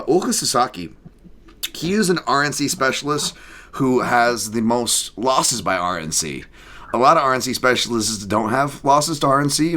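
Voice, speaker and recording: A man hosting a podcast, chatting casually about martial arts and reading listener picks, animated and quick to laugh. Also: mid-range voice. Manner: animated, laughs often, joking. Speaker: podcast host.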